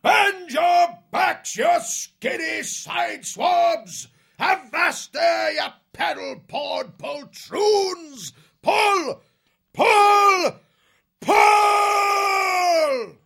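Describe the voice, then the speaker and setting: A man voicing a big old male hare officer who bellows rough sea-captain orders in a gravelly roar. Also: very high voice, animated, very slow, bright, forceful tone, shouting, pitched above the performer's own voice, heavily acted. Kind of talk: audiobook character voice.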